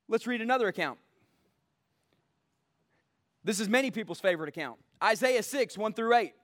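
Fervent high-voiced male preacher. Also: animated, moderate pace. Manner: fervent, rising to shouts, laughing asides. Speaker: pastor. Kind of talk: sermon.

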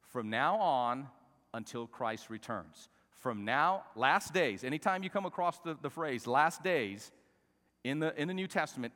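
In a big-room setting, a man preaches as pastor, his medium-pitched voice rising from soft, conversational talk to shouting while he gets the congregation to repeat phrases.

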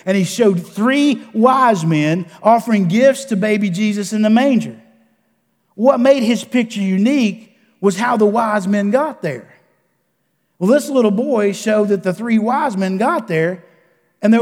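A man preaching a sermon as a pastor, earnest and repetitive, often dropping to a quiet voice for emphasis. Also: high-pitched. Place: church sanctuary. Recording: long church reverb.

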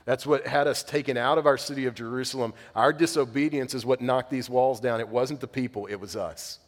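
A man's voice: medium pitch, fairly even intonation, fairly quick. A man in his thirties preaching a sermon earnestly, acting out the voices he quotes. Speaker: pastor. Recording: long hall reverb.

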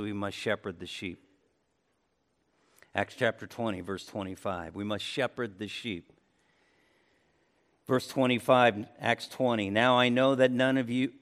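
A man preaching a sermon as pastor to his church, speaking conversationally, then rising in pitch and volume for emphasis. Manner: conversational preaching, lively swings in pitch and loudness. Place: church sanctuary.

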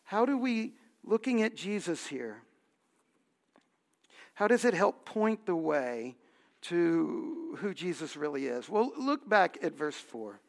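Slow, lively, gravelly preacher. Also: mid-range voice. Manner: asks the congregation questions, builds to emphatic points. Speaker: pastor. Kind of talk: sermon.

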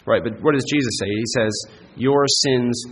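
A man's voice: on the low side, fast, husky, long reverb tail, rough recording. A man preaching a sermon as pastor, earnest and emphatic, often checking in with the congregation with a rhetorical "right?".

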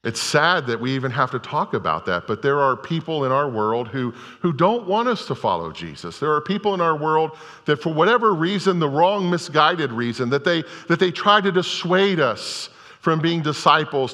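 A male pastor delivers his sermon with a bright, forceful voice that sits a bit high for a man. He retells scripture stories in a relaxed, conversational way. His voice rings out with the long reverb of a large church hall. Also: moderate pace. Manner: conversational storytelling preaching.

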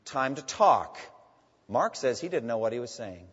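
A man preaching a sermon as a pastor, emphatic and swinging between loud and hushed. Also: mid-range voice, sing-song, normal speed, husky. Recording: dull sound in a long-reverb hall.

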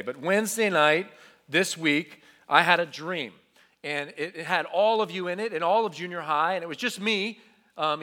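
A young man youth pastor delivers a sermon to junior high students, acting out his story with animated energy. His voice sits high and bright. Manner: animated storytelling, acts out quotes.

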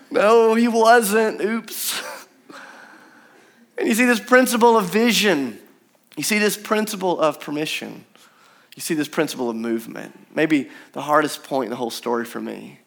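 A young man delivers a sermon with a fairly high voice. He preaches in a chatty, animated way and slips into the voices of the people in his story. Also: brisk, creaky. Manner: animated, conversational preaching with acted-out quotes. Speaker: pastor.

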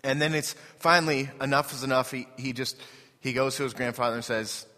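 A man's voice: medium pitch, fairly even intonation, brisk, sharp tone. A man preaching a sermon in a loose, conversational way, telling a story and then moving into earnest appeals. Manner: conversational, with many fillers and restarts, rising to earnest appeals. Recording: long reverb of a large hall.

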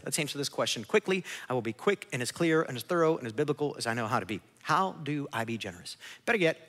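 Man, pastor, sermon, high voice, bright tone, long reverb. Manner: animated, voices biblical figures in quick asides.

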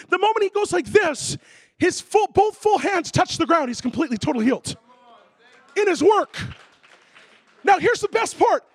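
High raspy-edged guy preaching, funny sound effects, dry mic. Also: normal speed, dry recording. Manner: animated, comic sound effects and voices. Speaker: pastor. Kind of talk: storytelling sermon.

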